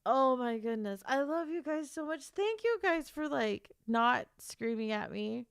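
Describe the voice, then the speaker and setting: A woman's voice: sits high, lively intonation, a little slow, gravelly, smooth, dry recording, studio quality. A young woman streaming casually to her chat, teary and stuffed up, laughing through her tears and swearing.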